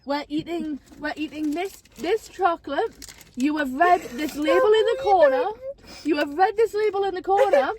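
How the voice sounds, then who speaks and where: High-voiced Geordie woman, teasing. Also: moderate pace, darkish tone, a little hiss or hum. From northeast England. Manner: teasing and sweary, mock-outraged. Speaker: podcast co-host. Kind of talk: casual podcast chat.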